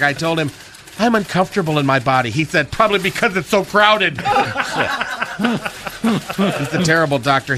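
A self-mocking small-town joker with a high voice, as a man puts him on, landing deadpan punchlines one after another. Clear background noise and clicks run under the recording. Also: lightly acted. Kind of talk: radio comedy monologue.

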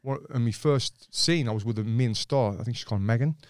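Brief: male podcast guest, middle pitch, relaxed storyteller, stumbles and restarts, dry close mic. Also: fairly quick, clear, resonant tone, dry recording. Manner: swearing, laughing, restarts his sentences often. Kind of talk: casual storytelling chat.

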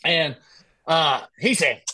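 Unusually for his stories, this professional golfer speaks at a slow pace, his husky voice on the high side and free of echo. As a podcast guest he tells casual stories with animation, acting out the people in them.

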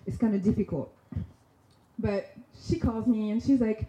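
A young woman telling a personal story on stage, animated and slangy, laughing often. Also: mid-range voice, moderate pace. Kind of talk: personal story told to an audience. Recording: dull, roomy sound with faint noise.

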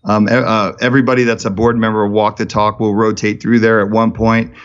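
A man's voice: on the low side, flat delivery, a little fast, highs cut off. A man talking as a podcast guest, telling stories with energy and many restarts. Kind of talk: casual interview talk.

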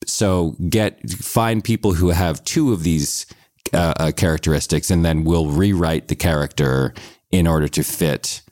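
A man's voice: low-pitched, unhurried, a little mellow, dry recording, clean studio sound. A man chatting casually as a podcast guest, telling stories with frequent restarts. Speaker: guest, TV writer and producer.

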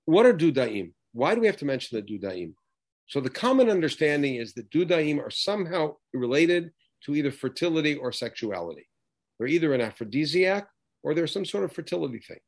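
A man's voice: fairly high pitch, lively intonation, fairly quick. A man teaching a lesson on scripture, posing rhetorical questions and acting out the quoted lines. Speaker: Bible teacher. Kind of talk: lecture on scripture.

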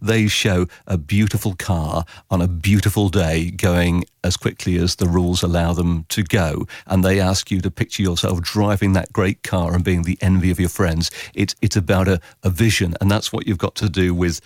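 A man answering interview questions about radio writing, animated and chatty, often acting out imagined voices. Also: moderate pace, few pauses, no room sound, studio quality. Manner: animated, quotes imagined voices with big pitch leaps.

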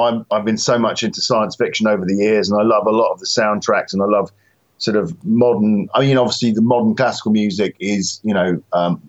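A man's voice: on the low side, lo-fi sound. A man, a musician guest, talking casually and self-deprecatingly in an interview, with many fillers and restarts.

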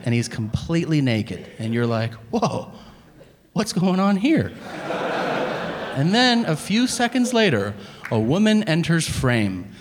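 A man performing a stand-up comedy set, animated and shouting out punchlines, on a club stage. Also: fairly high pitch. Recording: live club with long reverb and audience.

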